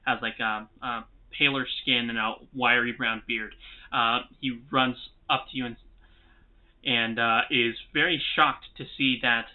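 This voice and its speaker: A man narrating as game master in a tabletop game, relaxed and halting with lots of filler pauses. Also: mid-range voice. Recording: tinny phone-like sound.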